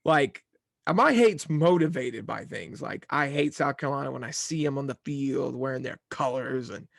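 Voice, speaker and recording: A man's voice: medium pitch, moderate pace, gravelly, dry recording, studio quality. A young man hosting a casual sports podcast, talking in an easygoing, rambling way. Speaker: podcast host.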